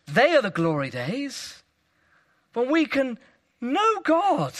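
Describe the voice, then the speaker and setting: A man preaching a sermon with dramatic emphasis, rising to loud peaks and dropping to hushed low phrases. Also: wildly swooping pitch, takes it slowly.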